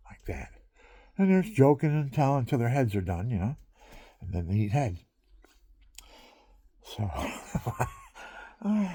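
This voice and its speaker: A man's voice: mid-range voice, vocal fry, mellow, husky, dry recording. A man rambling through stories in a casual monologue he is taping himself, drifting from one thing to the next and chuckling often.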